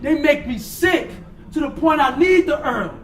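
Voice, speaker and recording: Brief: high-pitched male battle rapper, shouted punchlines, echoey hall, crowd noise behind. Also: animated, unhurried. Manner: loud, punchy, repeats lines and laughs at his own bars. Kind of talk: battle rap performance. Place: large indoor hall. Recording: echoey hall, distant mic, loud crowd.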